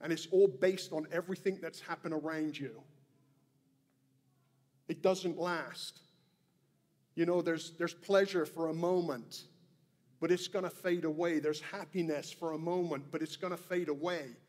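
A man's voice: fairly high pitch, steady tone, unhurried, pauses often, a little mellow. A male pastor preaching a sermon in a church, earnest and emphatic, repeating his key phrases. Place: church sanctuary. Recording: long hall reverb.

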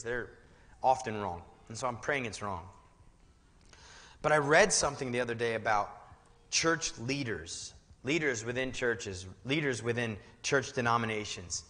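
Bright-voiced preacher in a reverberant hall. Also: male voice, mid-range voice. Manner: conversational, building to fervent emphatic preaching. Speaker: pastor. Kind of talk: sermon. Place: church sanctuary.

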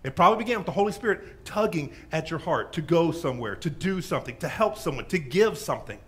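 Brief: dramatic preacher man, high and very lively voice, loud then hushed. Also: fast talker. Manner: animated storyteller, dropping to hushes. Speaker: pastor. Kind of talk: sermon. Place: church.

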